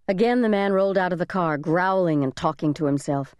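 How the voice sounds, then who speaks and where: A woman narrates a thriller with a measured, suspenseful delivery. Her voice sits low and sounds mellow and warm. The studio recording is dry and close, with no room sound. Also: smooth, no echo. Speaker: audiobook narrator. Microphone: close studio mic.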